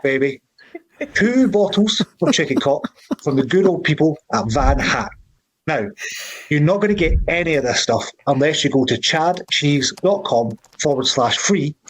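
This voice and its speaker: A man's voice: a little high, animated, moderate pace, low-quality recording. Cheeky Scottish man doing a promo. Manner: playful, cheeky. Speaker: sponsor segment presenter. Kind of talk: comic promo read.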